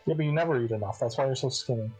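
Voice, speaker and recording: A man's voice: mid-range voice, very fast, darkish tone, husky, soft background music. A young man chatting with friends on a stream, tossing in teasing, dry quips. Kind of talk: casual chat with friends on stream.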